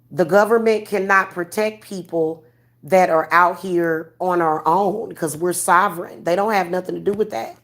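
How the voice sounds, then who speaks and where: A woman who gives spiritual readings, ranting to her viewers in a blunt, profane, preachy way. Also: medium pitch. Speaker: vlogger giving spiritual readings.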